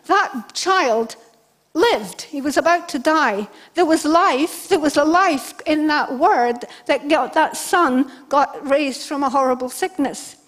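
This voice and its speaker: A woman with a high voice preaches a sermon to her congregation. She tells the scripture stories with animation and acts out the lines of the people in them. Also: slow. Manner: animated storytelling, acting out quoted speech. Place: church service before a congregation.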